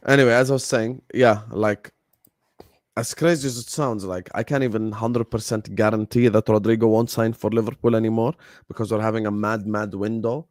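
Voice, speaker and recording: A young man hosting a football fan live stream, talking casually, animated and repetitive as he rants at his chat. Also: on the low side, a little fast, no echo, clean studio sound. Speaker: football fan show host.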